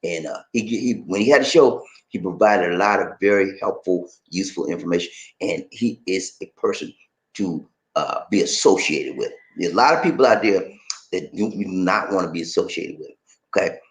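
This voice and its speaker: A man hosting a casual live-stream show and reading out viewer comments. He is chatty and says "man" often, and he jumps from excited high bursts to low, serious talk. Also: moderate pace.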